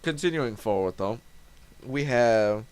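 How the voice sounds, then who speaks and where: A man's voice: medium pitch, lively intonation, slow, a little mellow, smooth. A young man casually recapping a tabletop game session, rambling, swearing and correcting himself. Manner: rambling, self-interrupting, swearing.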